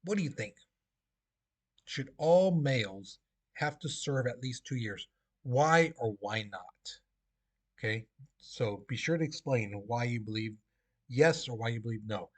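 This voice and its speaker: A man's voice: medium pitch, measured pace, pauses often. A male teacher giving a casual classroom history lecture, full of fillers and "okay?" check-ins.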